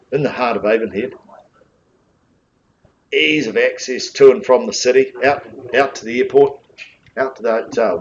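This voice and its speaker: A man's voice: mid-range voice, lo-fi sound, a little hiss or hum. A man with a New Zealand accent calling a live property auction, coaxing bidders with jokes between bid calls.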